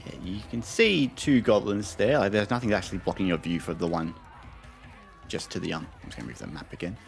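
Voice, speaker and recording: A man narrating a tabletop game as game master, relaxed and hesitant with many fillers. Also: low voice, fairly quick, gravelly, soft background music.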